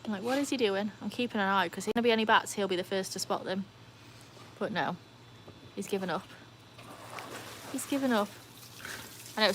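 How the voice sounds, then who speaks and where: A woman's voice: medium pitch, fairly bright tone, slight background noise, rough recording. A woman chatting casually on a live stream at home, reading out viewer comments. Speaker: livestream host. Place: home, beside a backyard pool.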